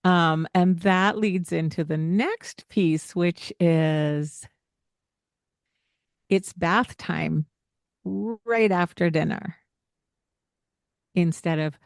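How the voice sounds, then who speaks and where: A woman hosting a parenting podcast, explaining calmly and laughing often. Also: fairly low pitch, slow pace, long pauses, no room sound, studio quality. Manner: calm, explanatory, laughs often, acts out kids' voices. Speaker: podcast host, parenting coach. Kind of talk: casual podcast advice.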